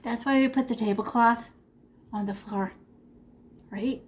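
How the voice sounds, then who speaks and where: High, animated woman teaching kids. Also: measured pace. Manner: animated, encouraging, talks to kids. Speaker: art teacher. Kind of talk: online art class for children. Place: her room at home. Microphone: video call.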